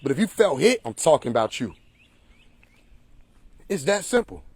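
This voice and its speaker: A man's voice: a little high, big pitch swings, moderate pace, a little mellow, husky, dry recording. A man hosting a casual livestream monologue, emphatic and preachy, firing off rhetorical questions and laughing often, recorded on a phone. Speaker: livestream host.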